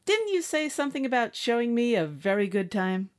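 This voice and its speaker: A woman's voice: on the high side, very animated, a little fast. A woman voicing a brash, snappish spacefaring bosun. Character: tough, blunt young woman ship's bosun. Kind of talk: audiobook character acting.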